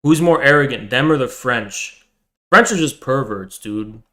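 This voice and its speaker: A man's voice: medium pitch, animated, unhurried, a bit bright. A man streaming live, ranting in a profane, boisterous and confrontational way. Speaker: livestreamer. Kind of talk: ranting livestream monologue.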